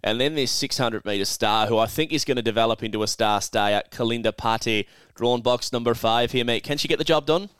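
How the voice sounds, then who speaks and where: A man's voice: mid-range voice, fairly quick, few pauses, fairly bright tone, smooth, no echo. A man co-hosting a casual greyhound racing tips chat, thinking aloud and asking his co-host questions.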